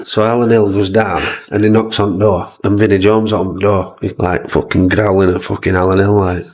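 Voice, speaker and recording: A man's voice: sits low, steady tone, a little fast, breathy edge. A man with an English accent telling football stories in a casual way, laughing often and swearing as he mimics his old manager. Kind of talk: casual storytelling.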